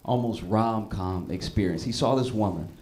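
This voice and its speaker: A male stand-up comedian telling stories on a comedy club stage, his voice jumping high and loud at the punchlines. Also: moderate pace. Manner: animated storytelling, voice jumps high for punchlines.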